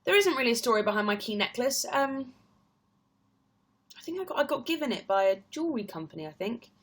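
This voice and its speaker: A woman's voice: fairly high pitch, very animated, fast talker, a bit bright. A young woman with an English accent, chatting casually on a live stream and reading out viewers' comments, rambling with lots of fillers. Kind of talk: casual chat.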